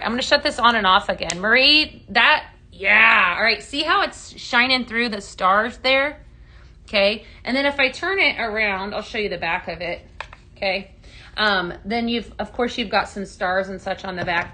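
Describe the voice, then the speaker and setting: A woman's voice: mid-range voice, bright, forceful tone. A woman hosting a live product stream, upbeat and chatty, greeting viewers by name as she mixes fragrances. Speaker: live sales host.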